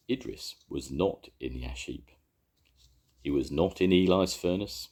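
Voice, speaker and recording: An older man reading a children's story aloud with expressive delivery. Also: low-pitched, measured pace, breathy edge.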